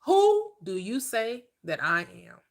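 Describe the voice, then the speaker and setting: A woman's voice: on the high side, wildly swooping pitch, slow pace. A woman teaching about manifestation in a preacher's style, emphatic and repetitive, asking questions and answering them herself. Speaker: spiritual teacher.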